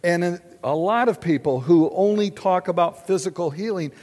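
A man preaching a sermon, animated and asking his congregation questions as he teaches. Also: high-pitched, moderate pace, long reverb tail. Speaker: pastor.

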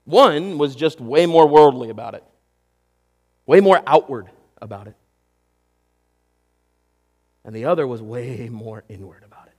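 Guy preaching, lively, acts out the quotes, echo trailing in a big hall. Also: medium pitch, measured pace, long pauses. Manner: animated, acts out quotes, talks to audience. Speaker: pastor. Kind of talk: sermon.

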